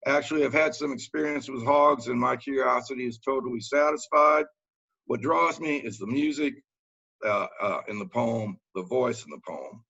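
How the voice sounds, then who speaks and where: A man leading a writing workshop, reading poems aloud and talking about them in a relaxed, halting way with many fillers, over a video call. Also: mid-range voice, gravelly, breathy edge, dull audio. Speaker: workshop leader.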